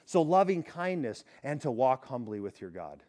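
Man, pastor, conversational sermon, mid-pitched voice, restarts phrases, rhetorical questions. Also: very animated, moderate pace, a little mellow. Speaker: pastor teaching a Bible study. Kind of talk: expository sermon.

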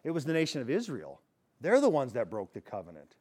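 A man's voice: mid-range voice, wildly swooping pitch, brisk, a little mellow, breathy edge. A man preaching an expository sermon in a conversational way, often restarting phrases and asking rhetorical questions. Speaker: pastor teaching a Bible study.

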